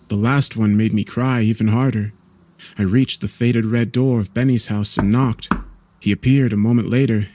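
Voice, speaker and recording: A man narrating a horror story in a measured, somber way. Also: mid-range voice, mellow.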